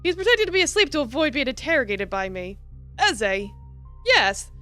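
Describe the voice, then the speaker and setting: A woman's voice: high voice, sing-song, a little fast, bright, forceful tone, soft background music, full character voice. A woman voicing a confident young female detective, teasing and self-assured, while reading a visual novel aloud.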